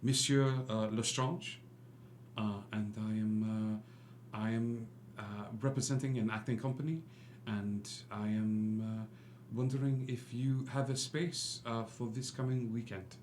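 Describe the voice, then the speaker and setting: A man putting on a soft, courtly Frenchman. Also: fairly low pitch, fairly even intonation, unhurried, echoey room, slight background noise, close to an everyday voice. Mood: smooth, courteous. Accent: put-on French. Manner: courtly, hesitant, soft-spoken. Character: suave scheming Frenchman, theatre agent.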